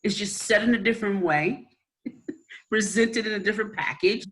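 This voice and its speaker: Woman podcast cohost, gets emotional, tells it animated with lots of restarts. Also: medium pitch, normal speed. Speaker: podcast co-host and evangelist. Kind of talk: personal storytelling in casual chat.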